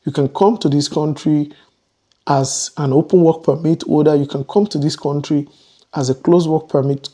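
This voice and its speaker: Man with a mellow, higher voice. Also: fairly even intonation, moderate pace. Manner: repetitive, restarts phrases while explaining. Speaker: vlogger. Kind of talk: casual talk to camera.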